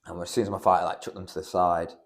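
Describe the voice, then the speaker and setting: A young British man, an amateur MMA fighter appearing as a podcast guest, rambles through a story in casual talk full of fillers and swearing. His voice is low and level, and he speaks quickly.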